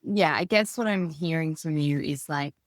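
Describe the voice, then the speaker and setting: A woman in her thirties talks on a podcast in a notably low voice. She is reflective and unhurried, thinking aloud between pauses. The sound is dry and close. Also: no room sound. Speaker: podcast guest. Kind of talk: casual conversation.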